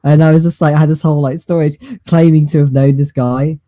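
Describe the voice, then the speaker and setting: A man co-hosting a podcast, telling stories in a halting, rambling way with many fillers and restarts. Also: a little high, steady tone, mellow, no echo. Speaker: podcast co-host. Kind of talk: casual chat.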